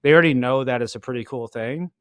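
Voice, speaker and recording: A man's voice: mid-range voice, quick pace, fairly bright tone, clear, resonant tone, no echo. A man hosting a podcast, responding thoughtfully and affirming his guest in casual conversation. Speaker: podcast host.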